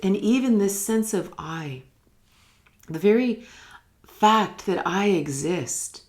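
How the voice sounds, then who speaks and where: A woman giving a reflective spiritual teaching in a live online session, musing and unhurried, sometimes dropping almost to a whisper. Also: low voice, a little mellow. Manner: unhurried, musing, drops to near-whispers at times. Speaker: meditation teacher. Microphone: live online broadcast.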